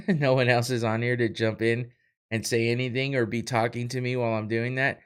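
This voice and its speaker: Brisk and smooth, this young podcast host speaks at medium pitch with a flat delivery. He rambles through casual solo watch-party commentary on a live fight. He is profane and self-mocking and laughs often.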